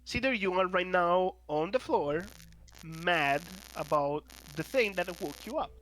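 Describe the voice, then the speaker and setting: A man's voice: sits high, expressive, measured pace, a bit bright, slight background noise. A man running a tabletop game as game master, describing scenes hesitantly with fillers and restarts over an online call.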